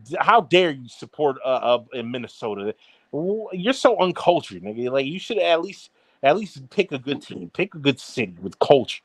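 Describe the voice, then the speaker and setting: A man's voice: mid-range voice, very animated, moderate pace, no echo. A young man from Baltimore, a podcast co-host, trash-talking in heated sports banter with a brash, mocking manner. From Baltimore, Maryland.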